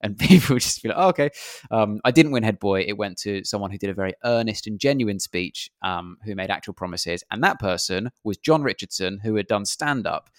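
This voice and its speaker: Young English male comedian, low voice, dry sound, self-deprecating storyteller. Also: brisk, hardly any pauses, no echo. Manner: self-deprecating, rambling anecdotes. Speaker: comedian guest. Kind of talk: casual interview chat.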